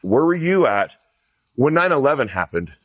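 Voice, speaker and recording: A man's voice: medium pitch, big pitch swings, moderate pace, dry recording. A man hosting an interview show, talking loosely and conversationally with fillers and restarts. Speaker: podcast host. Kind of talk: casual interview.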